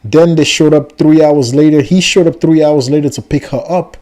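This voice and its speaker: A man's voice: a little high, normal speed, dark tone. A man hosting a reaction video, commenting on a story in a rambling, incredulous and chatty way.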